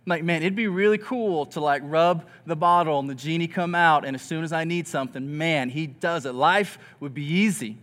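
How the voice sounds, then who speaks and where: A pastor with a notably high voice delivers a sermon in a relaxed, conversational way. He slips into the voices of grumbling people to make his point, and his delivery stays earnest and expressive throughout. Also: brisk, hardly any pauses.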